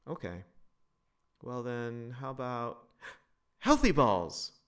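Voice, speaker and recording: A man's voice: mid-range voice, big pitch swings, very slow, fairly bright tone, clear, resonant tone, pitched above the performer's own voice, heavily acted. A man voicing a thoughtful, curious young girl who asks earnest questions.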